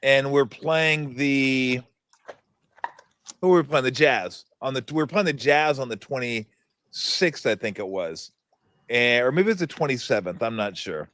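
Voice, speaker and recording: A man's voice: medium pitch, expressive, unhurried, a bit bright, dry recording. A middle-aged man hosting a casual sports talk show, telling stories animatedly and laughing often. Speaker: podcast host.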